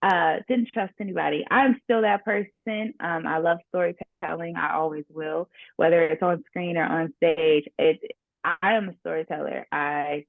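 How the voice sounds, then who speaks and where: A young woman actress telling stories about herself in a casual, animated interview. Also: sits low, moderate pace, gravelly, no room sound. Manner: animated, laughing storyteller. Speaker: actress guest. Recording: dry tinny phone-like line.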